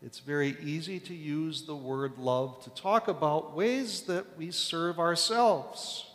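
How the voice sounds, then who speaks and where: A male pastor delivers his sermon at an unhurried, measured pace, pressing down on the words he wants remembered. His voice sits a little high for a man, and it rings out into the long echo of a church sanctuary. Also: a bit bright. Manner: slow, deliberate preaching with emphatic stresses.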